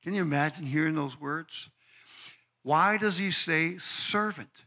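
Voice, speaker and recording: An older man preaching a fervent sermon, calling out congregants by name and building to shouted climaxes. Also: on the high side, a little slow. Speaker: pastor.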